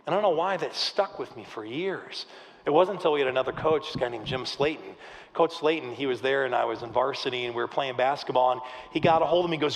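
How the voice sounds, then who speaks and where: A middle-aged male pastor preaches in a large church, swinging into lively acted-out quotes as he tells a story. His voice sits high for a man. The sound carries a long hall reverb. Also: fast talker. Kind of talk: sermon.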